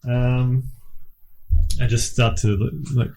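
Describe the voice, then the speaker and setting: A man's voice: mid-range voice, level tone, slow pace, mellow. A man playing a tabletop role-playing game, talking in a laid-back, giggly way. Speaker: player.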